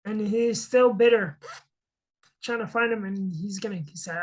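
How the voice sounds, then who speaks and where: A woman reading and casually retelling a Bible story, halting with many fillers and restarts. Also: mid-range voice, a little mellow, rough recording.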